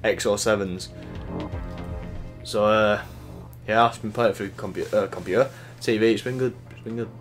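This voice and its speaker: A man casually commentating his racing gameplay, chatty and excitable, cursing at the game. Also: fairly low pitch, normal speed, long pauses. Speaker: gaming YouTuber. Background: game music.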